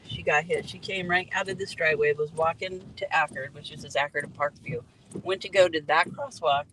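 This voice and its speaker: A woman's voice: sits low, fairly bright tone, rough recording. Earnest middle-aged woman giving a detailed roadside account from her car, faint traffic hum. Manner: earnest, detailed, points out spots on the road. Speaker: EMT and grieving mother. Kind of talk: emotional first-person account at a roadside. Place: in a parked car by a road, rainy night.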